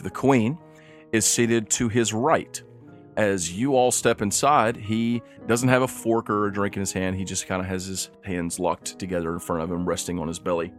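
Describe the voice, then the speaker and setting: A man narrating as game master of a tabletop game, describing scenes in a relaxed, rambling way. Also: on the low side. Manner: relaxed, rambling, laughs easily.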